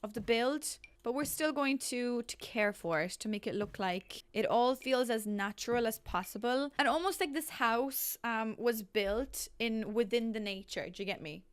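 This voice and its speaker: A young woman talks through a building game in a casual, rambling way, often apologizing and laughing at herself. Her voice sits a little high. The sound is close and dry, with no room around it. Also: moderate pace, hardly any pauses, clean tone, no echo. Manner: chatty, rambling, self-deprecating asides. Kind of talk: casual gameplay commentary.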